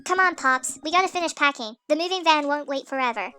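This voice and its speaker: A woman's voice: high-pitched, lively intonation, quick pace, sharp tone, faint music behind. A woman reading a game's teenage daughter, who teases her father in a dry way. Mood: teasing. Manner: dry, teasing. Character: sassy teenage daughter in her last school year.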